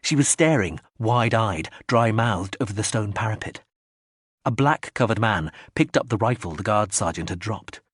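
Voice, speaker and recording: A man narrating an audiobook in a measured reading, raising his voice for the quoted lines. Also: on the low side, lively intonation, husky, dry recording, studio quality. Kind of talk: scripted narration.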